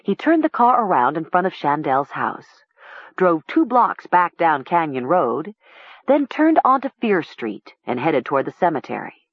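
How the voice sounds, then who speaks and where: A woman narrating an audiobook in a measured, expressive way. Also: deep voice, slightly rough, dry recording, dull audio.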